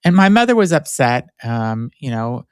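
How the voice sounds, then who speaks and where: A man's voice: medium pitch, big pitch swings, moderate pace, smooth, no room sound, studio quality. A man hosting his own podcast alone, telling stories in a rambling, conversational way full of "like" fillers. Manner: rambling storyteller, frequent "like" fillers. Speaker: podcast host. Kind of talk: solo conversational podcast talk.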